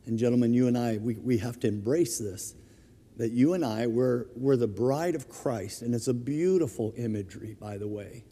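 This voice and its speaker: A middle-aged man preaching as a pastor, telling stories with chuckles and animated emphasis. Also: medium pitch, normal speed. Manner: storytelling, animated, chuckles through anecdotes. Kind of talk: sermon. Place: church sanctuary. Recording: long hall reverb.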